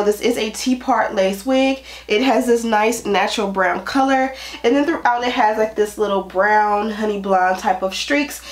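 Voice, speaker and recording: A congested woman with a cold, chatting casually as a beauty vlogger through a wig tutorial, with relaxed asides. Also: medium pitch.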